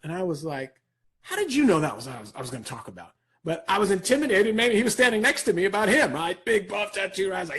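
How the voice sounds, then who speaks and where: A man speaking as a guest in an interview, giving an energetic motivational talk, animated and rapid, with a husky voice. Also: high-pitched. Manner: animated, rapid, peppered with "right?".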